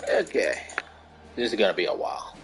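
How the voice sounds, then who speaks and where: Low-voiced man muttering over gameplay. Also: very animated, a little fast, fairly bright tone, faint music behind. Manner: muttering, profane, thinking aloud. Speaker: gameplay streamer. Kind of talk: casual gameplay commentary.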